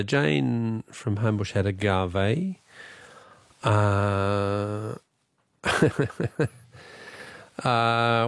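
A man's voice: fairly low pitch, creaky, no room sound, studio quality. An Australian man hosting a talkback radio quiz, chatty and wry as he teases callers.

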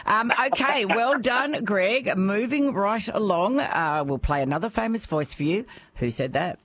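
A woman hosting a radio phone-in quiz, chatty and quick to laugh. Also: medium pitch, expressive, fairly bright tone, a little hiss or hum. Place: radio studio.

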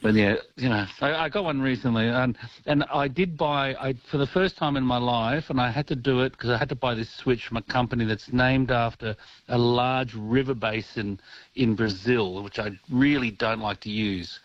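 A man's voice: medium pitch, moderate pace, no room sound. Rambling man on a lo-fi phone line. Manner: rambling, hesitant, self-deprecating. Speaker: radio caller. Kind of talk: phone-in chat.

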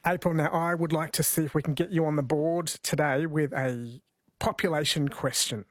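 A man's voice: fairly high pitch, fairly even intonation, normal speed, no room sound. A man hosting a talk radio show, chatting, reading out listener texts and the weather. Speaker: radio host. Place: radio studio. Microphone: studio mic.

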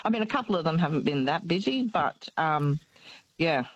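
A woman's voice: low-pitched, lively intonation, normal speed, no echo, dull audio. A middle-aged woman calling in to a radio show, anxious and tired, talking hesitantly with many fillers and nervous laughs. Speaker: caller. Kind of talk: casual chat.

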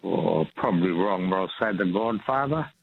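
Gravelly low male caller on a phone line. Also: animated, normal speed, dry recording. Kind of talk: casual call-in chat. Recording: tinny dry phone line.

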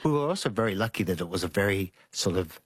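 A man, a guest in an interview, telling animated stories and acting out quotes with laughs. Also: deep voice, quick pace, husky, no room sound, studio quality. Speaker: interview guest, costume designer. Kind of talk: conversational storytelling.

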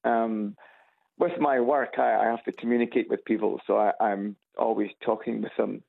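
A man's voice: lowish voice, fairly even intonation, creaky. Scottish man on a tinny phone line. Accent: Scottish, Edinburgh. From Scotland. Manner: halting, with many restarts and chuckles. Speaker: radio caller. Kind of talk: phone-in chat. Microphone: phone on loudspeaker.

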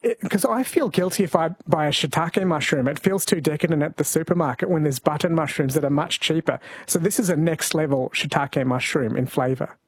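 A man's voice: fairly high pitch, fairly quick, few pauses, slightly rough. A man hosting a call-in radio show, chatty and playful with callers. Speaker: radio host.

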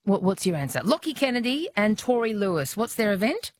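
A woman's voice: medium pitch, sing-song, brisk. A woman hosting a radio quiz, teasing and laughing easily with a caller. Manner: playful, teasing, laughs often. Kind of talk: casual radio chat.

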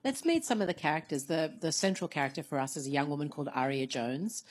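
A woman interviewer asking measured questions that guide an author through her book. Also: sits low, lively intonation, a little mellow, slight background noise.

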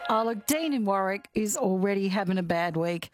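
An Australian woman presenting a radio show, telling stories in a chatty, giggly and animated way. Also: mid-range voice, normal speed, loud music behind the voice. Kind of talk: casual radio chat.

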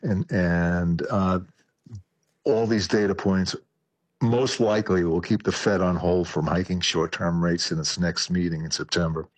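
New guy giving the markets update, lots of uhs, deep dry voice. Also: measured pace, no room sound. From New York, USA. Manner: relaxed, hesitant with many fillers. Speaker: financial advisor. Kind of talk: market report on talk radio. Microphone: remote line from New York.

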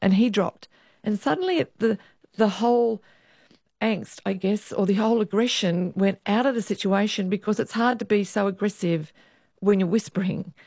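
A woman, a former police officer, recounting her years on the job in a lively interview. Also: medium pitch, dry recording, clean studio sound. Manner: lively storyteller, acts out quoted voices. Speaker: retired police officer, guest. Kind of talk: storytelling interview.

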